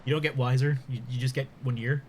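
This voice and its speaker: A man's voice: medium pitch, fairly even intonation, fast, darkish tone, a little hiss or hum. A man chatting casually on a live stream, talking with his mouth full and laughing often.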